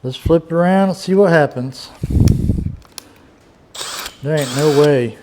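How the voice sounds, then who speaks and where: A man with a somewhat high voice talks at a measured pace against background noise. As a DIY vlogger repairing a car outdoors, he rambles in a folksy, casual workshop manner while working.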